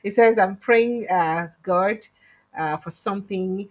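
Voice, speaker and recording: A woman's voice: medium pitch, slow pace. A Nigerian woman hosting a livestream call-in show, chatting casually and switching into Pidgin as she thanks callers and urges viewers to subscribe. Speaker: livestream host.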